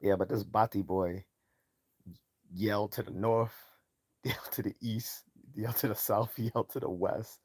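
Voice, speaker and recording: Low-voiced man mocking on a livestream. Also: fairly even intonation, measured pace, darkish tone, husky, no echo. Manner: loose and mocking, chuckles often, swears freely. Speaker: live stream host. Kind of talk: casual live-stream commentary.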